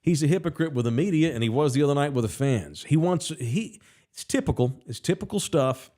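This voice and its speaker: A man's voice: fairly high pitch, expressive, fairly quick, warm tone. Blunt profane male sports talk host. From Texas. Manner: blunt, heated, profane ranting. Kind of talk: casual opinionated sports talk.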